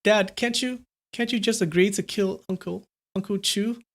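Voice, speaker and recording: A terrified teenage boy begs for his life in a high, trembling voice, as a man reading the story puts him on. He stammers and repeats himself, frightened and pleading. It comes across as storybook narration read aloud. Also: fairly even intonation, moderate pace.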